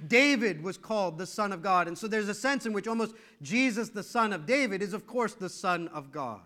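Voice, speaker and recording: Middle-aged male pastor, sermon; high, bright, animated storyteller. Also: fairly quick. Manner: animated, repetitive storytelling, emphatic.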